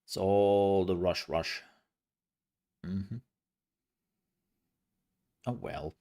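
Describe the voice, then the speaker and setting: A man's voice: low voice, steady tone, drawn-out words, warm tone. A man streaming, chatting casually with viewers in a rambling, self-mocking way. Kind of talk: casual live-stream chat.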